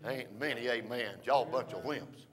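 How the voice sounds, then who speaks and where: An older man preaching a folksy storytelling sermon, rising to shouts between drawn-out "uh" phrases. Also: medium pitch, crowd noise.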